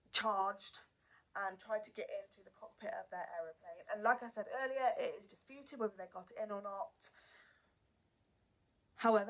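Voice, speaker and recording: A woman's voice: mid-range voice, poor audio. A woman hosting a true crime channel, telling the story in a casual, unscripted way. She is earnest and emotional and repeats words for emphasis.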